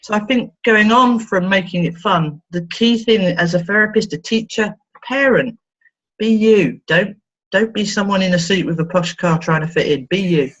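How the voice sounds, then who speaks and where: Speaking at a moderate pace with a fairly bright tone, a female therapist tells animated stories in conversation during an interview. She playfully performs quoted voices with wide pitch swings, though the lo-fi audio sounds dull.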